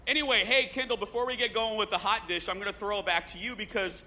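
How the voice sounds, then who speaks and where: A man's voice: high-pitched, fairly even intonation, fast talker, bright, forceful tone, slight background noise. A man hosting a live TV talk show, joking and playful with guests and his cohost. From Indiana. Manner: joking, playful, self-deprecating.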